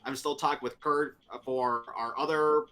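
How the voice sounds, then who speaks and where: A man's voice: a little high, steady tone, measured pace, sharp tone. A man on a casual livestream, giving a plain, matter-of-fact update.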